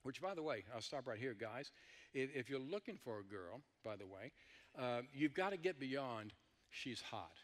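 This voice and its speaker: A man's voice: medium pitch, animated, moderate pace, in a large hall. A male pastor preaching a sermon, dropping joking asides to the congregation.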